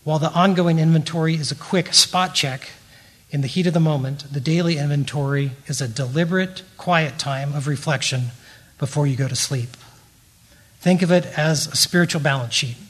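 A man's voice: a little high, normal speed. Earnest middle-aged man teaching recovery. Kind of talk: prepared teaching talk at a recovery meeting.

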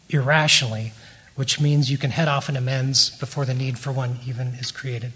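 A middle-aged man giving a prepared teaching talk at a faith-based recovery meeting, in a measured and earnest way. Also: mid-range voice, fairly even intonation, a bit bright, slightly rough.

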